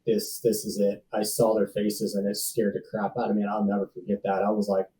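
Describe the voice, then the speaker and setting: A man's voice: fairly low pitch, monotone, fast talker, dark tone, far from the mic, a little hiss or hum, low-quality recording. A man in his thirties telling a personal story as a podcast guest, casual and slangy, calling people dude and bro. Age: 30s. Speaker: podcast guest, safety professional.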